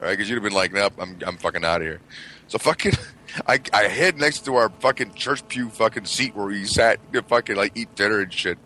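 Brief: Midwestern man, 40s, bright tone, cussing storyteller among buddies. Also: fairly low pitch, fairly quick, slight background noise. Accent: Midwestern American. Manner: profane, animated, laughing storyteller. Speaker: podcast co-host telling stories. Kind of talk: casual storytelling among friends.

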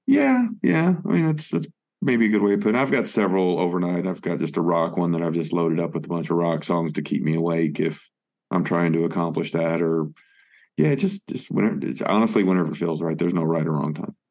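A man's voice: low-pitched, animated, a little fast, darkish tone. A man co-hosting a podcast in casual chat about music, laid-back and swearing, with many fillers. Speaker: podcast co-host.

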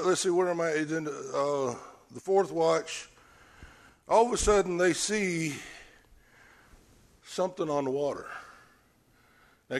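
A man preaching a sermon, telling the story with animation and acting out scenes. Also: fairly high pitch.

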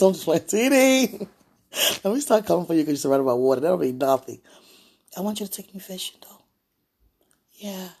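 A woman with a rough, gravelly voice and a very husky, breathy tone, speaking in casual spoken prayer and chat. Her talk rambles informally and swings between near-whispers and louder stretches. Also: lowish voice. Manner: rambling and informal, drifting between hushed and loud.

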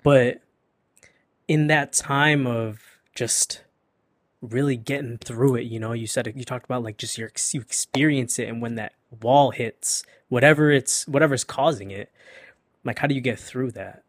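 A man hosting a podcast, asking a casual question with halting phrases and fillers. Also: medium pitch, no echo. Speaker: podcast host.

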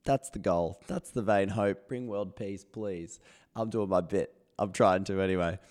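Hoarse, lowish-voiced man, casual solo podcast host, joking at his own expense. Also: measured pace, a little mellow. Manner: chatty, self-mocking and playful. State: hoarse, voice not working properly.

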